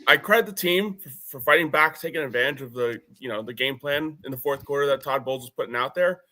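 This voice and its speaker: Bright-voiced man breaking down a game. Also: mid-range voice, fast talker. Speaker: panelist, Jets fan. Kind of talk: casual sports analysis.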